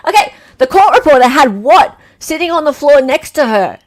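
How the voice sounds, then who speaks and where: An Australian woman hosting a livestream quiz, playfully reading out multiple-choice options slowly and repeating them. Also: high-pitched, sing-song. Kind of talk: casual livestream chat.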